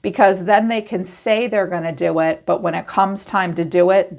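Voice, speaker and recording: A woman giving a chatty tarot reading to camera, acting out quoted thoughts in animated asides. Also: fairly low pitch, normal speed, gravelly, hardly any pauses. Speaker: tarot reader.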